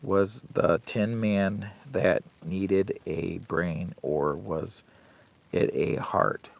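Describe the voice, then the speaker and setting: A low, gravelly-voiced older man hosts a casual camping livestream from inside a heated tent. He rambles in a folksy, easygoing way, chatting with viewers between sips of coffee. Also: very slow. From Michigan. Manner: rambling, folksy, talks to chat and his dog. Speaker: camping channel host.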